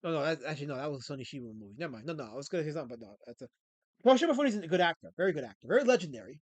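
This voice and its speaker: A man's voice: fairly high pitch, big pitch swings, very fast, no echo. A man with a scratchy throat, hosting a livestream and chatting, rambling and joking with viewers. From Pennsylvania. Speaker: livestream host. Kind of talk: casual livestream chat.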